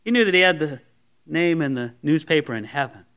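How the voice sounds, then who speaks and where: Bright, high-voiced pastor preaching conversationally. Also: male voice, expressive, a little fast. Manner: conversational, voices imagined objections. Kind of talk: expository sermon. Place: church service before a congregation.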